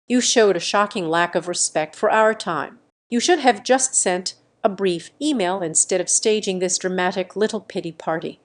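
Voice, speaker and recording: A woman's voice: medium pitch, lightly acted. A woman voicing a disdainful sister-in-law who snaps her words with scorn. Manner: snapping, scornful.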